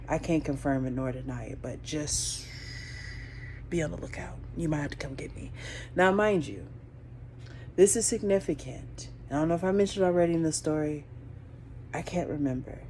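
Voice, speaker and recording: A woman hosting her own show, telling a story in a casual way, lively, with sudden high bursts when she acts out her panic and hushed asides. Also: creaky, slight background noise. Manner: animated, jumps into high excited voices when acting out her panic. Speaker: podcast host.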